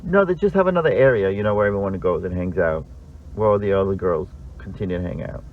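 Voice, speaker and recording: A man hosting a casual talk show, telling a personal story in an animated way and acting out the people in it, with casual swearing. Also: low-pitched, quick pace, narrow, tinny audio, slight background noise. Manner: animated, acts out quoted voices, swears casually.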